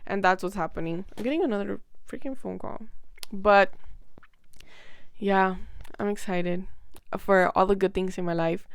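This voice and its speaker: A woman's voice: medium pitch, normal speed, pauses often, smooth, dry recording. Rambling young woman telling a storytime. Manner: rambling, lots of "like" and restarts, emotional. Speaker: vlogger. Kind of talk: casual storytime chat.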